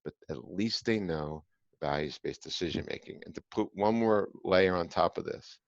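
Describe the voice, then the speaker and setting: A man's voice: low voice, moderate pace, creaky, dry recording, muffled recording. A man hosting a podcast, telling a personal story to his co-host in an earnest, emphatic way with filler "uh"s.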